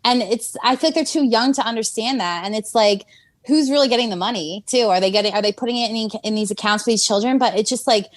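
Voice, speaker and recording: A woman's voice: fairly high pitch, fast, no echo. A woman guest on a podcast, chatting casually and filling her talk with "like" and "um". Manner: chatty, uses lots of "like" and "um". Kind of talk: casual gossip chat.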